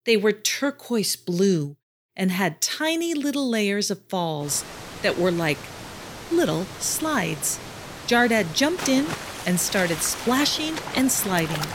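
A woman narrating a children's story in an expressive storytelling manner. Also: mid-range voice, slow pace.

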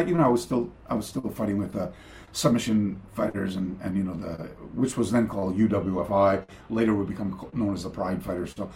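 Older male guest on a video call, lively storyteller with a wandering delivery, roomy sound. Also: lowish voice, a little hiss or hum. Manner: animated, rambling, many fillers and restarts. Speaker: guest, karate master. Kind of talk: casual storytelling interview.

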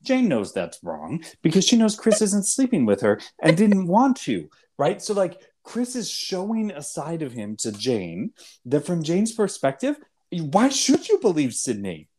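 A man's voice: a little high, big pitch swings, unhurried, a little mellow, slight background noise. A man co-hosting a casual TV recap podcast, arguing his reading of the characters methodically, point by point. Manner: argumentative, lays out points step by step. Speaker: podcast co-host.

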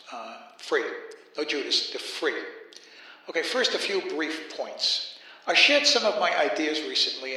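Man doing Brooklyn-accented Jesus, joking rabbi preacher, slightly high voice, heavy room echo. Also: sharp tone. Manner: folksy, joking street-corner preaching. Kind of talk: comic monologue. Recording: very echoey room.

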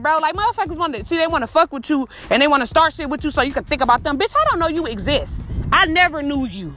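A woman's voice: high-pitched, fairly bright tone. A woman in her twenties hosting a podcast, giving a profane, emphatic motivational pep talk straight to her listeners. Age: 20s. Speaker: podcast host.

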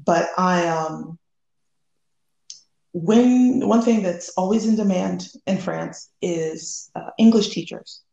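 A woman from the United States, a guest telling a personal story in a lively way, acting out the quoted lines. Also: lowish voice, takes it slowly, gravelly, roomy sound, highs cut off. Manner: lively, acts out quoted dialogue.

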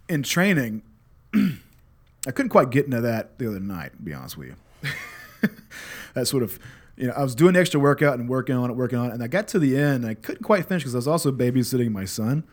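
A podcast host and father in his thirties tells a story from home in a casual, unscripted monologue, his voice at an ordinary middle pitch. Candid and profane, he swears freely, pokes fun at himself, and drifts into relaxed, reflective advice.

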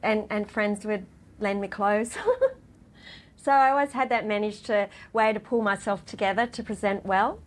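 A middle-aged woman speaks as an interview guest, her voice sitting at an ordinary middle pitch. She talks in a heartfelt, halting way, often restarting her sentences. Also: steady tone. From Australia. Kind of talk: emotional personal interview.

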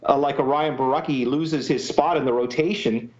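A man's voice: mid-range voice, steady tone, moderate pace, a little mellow. Opinionated Canadian man, muffled line. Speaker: podcast guest. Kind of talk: casual sports podcast chat.

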